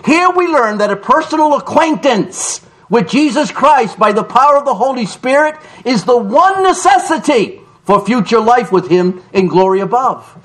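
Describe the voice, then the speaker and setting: A man delivers a fiery sermon in a high voice. He swings wildly in pitch, shouting some lines and dropping others to a low murmur. He reads scripture slowly and with weight. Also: animated. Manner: shouts for emphasis, swings between loud cries and low asides. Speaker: preacher.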